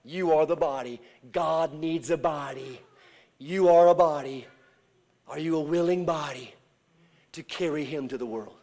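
A man preaching as a traveling evangelist, telling a story and acting out the voices in it, swinging from shouts to hushed whispers. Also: fairly high pitch, measured pace, vocal fry. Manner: acts out quoted voices in storytelling. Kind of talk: sermon.

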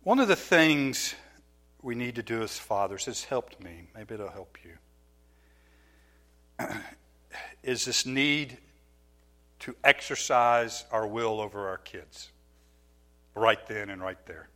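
A middle-aged man giving a sermon as a pastor, telling stories from his own life with lively, self-mocking laughter. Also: lowish voice, slow, pauses often. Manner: animated storytelling, laughing at himself.

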